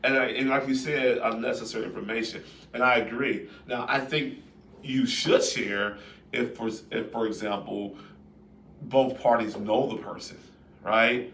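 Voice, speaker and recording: A man hosting a live-stream talk, speaking in a lively, conversational way and putting questions to his viewers. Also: medium pitch, a little slow, a little hiss or hum. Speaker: host. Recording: roomy echo, distant mic.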